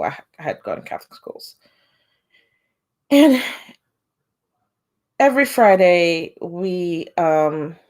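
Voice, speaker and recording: A woman in her forties, a homeschooling mom, telling a personal story to camera in a casual, animated way and acting out what people said. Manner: animated, acts out quotes with big pitch jumps.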